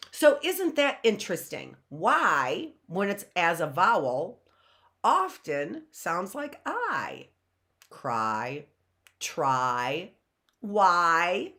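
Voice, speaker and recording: A woman teaches young children their letters in a slow, unhurried voice that rises and falls a lot. Her tone is bright, and she stretches out words and repeats her questions the way teachers do with little kids. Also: on the low side, big pitch swings. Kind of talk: children's phonics lesson.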